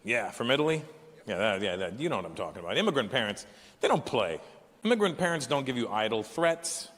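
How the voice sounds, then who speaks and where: A man in his forties performing a stand-up comedy set, telling stories animatedly with profanity and loud punchlines. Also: medium pitch, big pitch swings, brisk. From Canada. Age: 40s. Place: large live venue. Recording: echoey hall with live crowd ambience.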